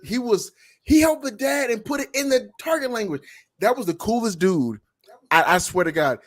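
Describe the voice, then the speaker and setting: A man's voice: high-pitched, animated, moderate pace, no echo. A man in a casual review chat, playful and teasing, emphatic when he makes a point. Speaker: guest reviewer.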